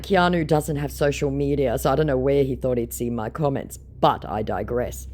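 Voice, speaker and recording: A woman's voice: rumbling low, lively intonation, normal speed, hardly any pauses, darkish tone. A woman with an Australian accent, telling her story in a dry, mocking way as a scambaiter. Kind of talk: sarcastic storytelling.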